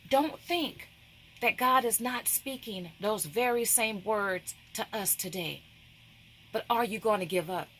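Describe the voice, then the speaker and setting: A woman's voice: medium pitch, fairly bright tone. A woman, hosting a craft devotional and preaching with emphatic repetition, often calling out to "people". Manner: emphatic, repeats phrases, calls out to "people".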